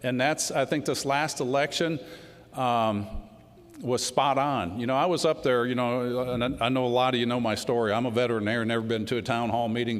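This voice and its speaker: A man with a drawl gives a political speech at a tribute event. He talks in a folksy, storytelling way and acts out the exchanges he is describing. His voice carries a long reverb from a large hall. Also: mid-range voice. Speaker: congressman giving a speech.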